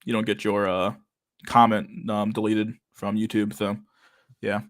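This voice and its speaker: A man's voice: lowish voice, completely flat delivery, measured pace, dry recording, clean studio sound. A young man hosting a casual livestream chat, talking with a lisp and a stutter and many fillers as he reads out chat messages. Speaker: livestream host reading chat.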